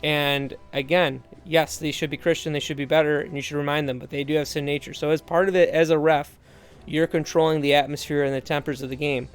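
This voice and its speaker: A man's voice: on the high side, little pitch movement, a little fast, smooth, soft background music. A man talking referees through game footage in an earnest, conversational way, full of asides and restarts. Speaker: referee trainer. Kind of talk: instructional video commentary.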